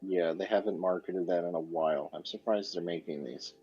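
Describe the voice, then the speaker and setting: A man's voice: low voice, brisk, mellow, husky, dull audio, faint music behind. A man making offhand remarks and chuckling in a casual group chat.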